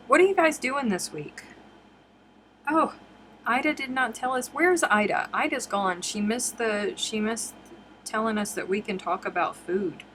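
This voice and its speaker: A woman's voice: a little high, measured pace, a bit bright, slight background noise. A woman hosting a casual crochet live stream from home, chatting and reading viewer comments aloud.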